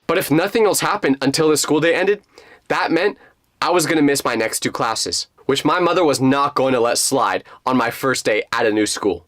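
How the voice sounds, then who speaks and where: A young man in his twenties narrating a comedic personal story in a lively, jokey, dramatic way. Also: medium pitch, no room sound. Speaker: storytime channel host.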